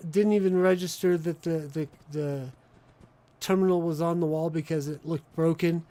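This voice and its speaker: A man chats casually while streaming a video game. He thinks aloud and rambles, often restarting his sentences. His voice is mellow and relaxed, and sits a little high for a man. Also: normal speed. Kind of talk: casual gameplay chat.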